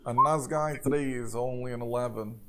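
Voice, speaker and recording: A man's voice: medium pitch, normal speed, heavy background noise. A man running a tabletop game as game master, narrating rolls and laughing often as he goes. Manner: laughs often while narrating, relaxed and jokey.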